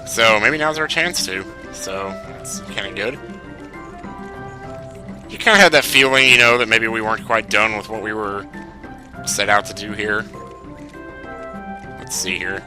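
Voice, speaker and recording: A man's voice: fairly low pitch, unhurried, long pauses, over music. A man commentating on a video game as he plays, joking and rambling. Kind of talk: let's play commentary.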